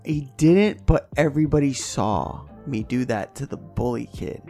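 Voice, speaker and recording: Gravelly man telling a rowdy story. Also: mid-range voice, measured pace, soft background music. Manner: profane, animated storytelling, acts out voices. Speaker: podcast co-host. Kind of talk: casual storytelling chat.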